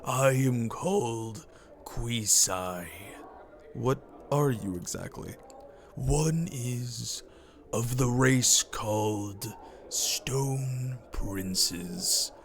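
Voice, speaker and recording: A man voicing a calm, ponderous stone-skinned earth genasi who speaks slowly and calls himself by name. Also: mid-range voice, a little hiss or hum. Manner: slow, measured, speaks of himself in third person. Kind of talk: reading game dialogue aloud on a live stream. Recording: music playing under the voice.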